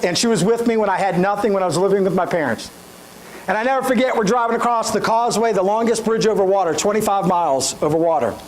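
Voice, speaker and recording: High-voiced animated keynote speaker man. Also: a little hiss or hum, low-quality recording. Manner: animated, addresses audience directly. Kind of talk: storytelling keynote speech.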